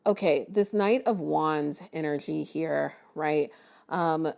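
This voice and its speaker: Woman, tarot reader, low gravelly voice, chatty and encouraging, loose casual delivery. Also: slow pace, a little mellow. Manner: chatty, encouraging, many ums and restarts.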